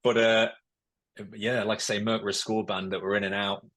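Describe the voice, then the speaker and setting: A man's voice: lowish voice, flat delivery, moderate pace, a bit bright. A man from England, a former footballer guesting on a podcast, telling rambling anecdotes in casual chat.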